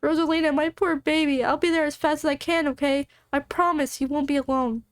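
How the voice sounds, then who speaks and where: A woman's voice: sits high, fairly even intonation, fairly quick, no echo, clean studio sound, faint music behind, lightly acted. A woman voicing a distraught, tender father. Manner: tender, pleading. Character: distraught middle-aged father.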